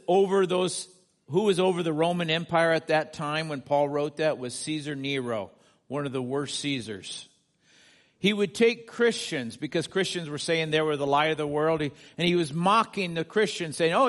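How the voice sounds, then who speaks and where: A male pastor preaching a sermon from the United States, earnest, building to emphatic peaks and asking the congregation questions. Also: a little high.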